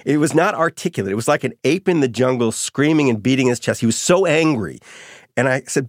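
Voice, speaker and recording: A middle-aged man, an author being interviewed, telling anecdotes in a lively, casual way. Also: mid-range voice, fairly quick, no echo, clean studio sound. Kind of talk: storytelling interview.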